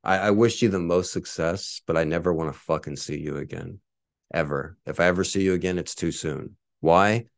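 A man's voice: sits low, normal speed, vocal fry, dry recording. A man in his forties hosting his own podcast, ranting in a profane, boastful and combative way. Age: 40s. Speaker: podcast host.

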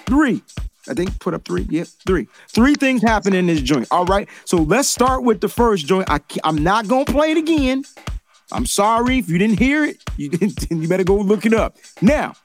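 A man hosting a casual sports talk show, talking in an animated, emphatic way and repeating his points. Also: sits high, normal speed, soft background music.

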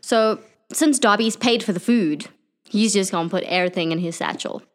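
A woman's voice: medium pitch, normal speed. A woman playing in a tabletop game, talking casually and playfully about her character. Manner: playful, laughs. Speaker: player.

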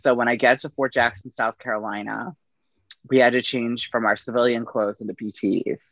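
Gravelly-voiced man telling stories. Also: mid-range voice, normal speed, dry recording, highs cut off. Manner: relaxed anecdotal delivery with quoted dialogue. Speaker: podcast guest, army veteran. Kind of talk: casual storytelling.

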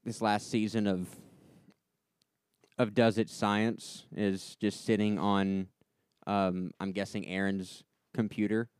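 A man's voice: on the low side, flat delivery, slow, a little mellow, clean tone, no room sound, clean studio sound. A man co-hosting a casual podcast chat, rambling with many fillers. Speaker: podcast co-host.

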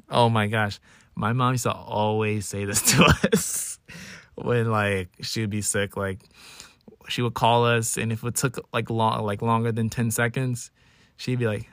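A man's voice: fairly low pitch, level tone, a little slow, clear, resonant tone, no room sound, clean studio sound. A man in his early twenties hosting a casual solo podcast, telling stories with animation and acting out his own whining. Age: 20s. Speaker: podcast host.

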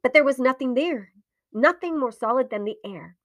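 A woman reading a ghost story aloud in a hushed, dramatic voice. She sits fairly high in pitch, slips into whispers, and slows for suspense. The recording is dry and close. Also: lively intonation, no room sound.

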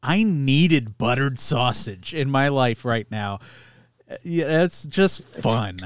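A man's voice: medium pitch, animated, takes it slowly, smooth, dry recording, studio quality. A man co-hosting a podcast, joking around and laughing a lot in casual chat. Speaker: podcast co-host.

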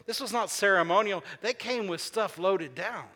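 A man's voice: high voice, normal speed, sharp tone. A man preaching a sermon as pastor, asking his congregation questions and repeating key phrases for emphasis. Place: church sanctuary. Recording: long reverb of a large hall.

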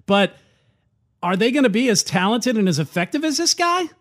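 A man's voice: high-pitched, very animated, normal speed, fairly bright tone. A man hosting a political talk show, reading news quotes aloud and reacting with opinionated commentary. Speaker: host.

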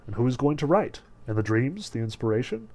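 A man reading aloud the lines of a commanding, mocking male devil in a low, measured voice. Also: very animated, darkish tone. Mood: cool, wry.

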